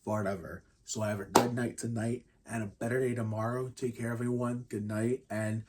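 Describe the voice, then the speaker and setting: A man in his thirties hosting a casual basketball review vlog, rambling and restarting often and keeping his voice quiet. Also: mid-range voice, steady tone, moderate pace. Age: 30s. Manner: speaks quietly to keep the noise down. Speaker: channel host reviewing basketball games.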